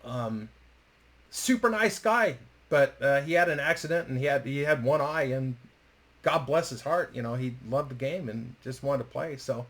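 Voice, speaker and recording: Speaking at a moderate pace in a medium-pitched voice, this man spins a lively, casual story. He curses without holding back and performs other people's lines as he goes.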